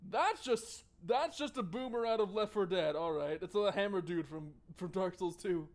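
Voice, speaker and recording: A man's voice: high voice, animated, moderate pace. A man streaming a live board game playthrough, chatty and joking while thinking aloud about his moves.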